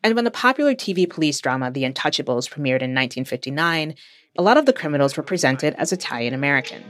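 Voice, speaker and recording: A woman hosting a podcast, reading a scripted narration in a measured, explanatory way. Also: low voice, sing-song, no echo. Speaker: podcast host.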